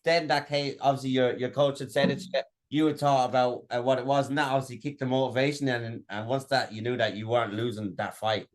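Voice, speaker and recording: A man interviewing a fighter, asking casual questions in a halting way, restarting and repeating words. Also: mid-range voice, flat delivery.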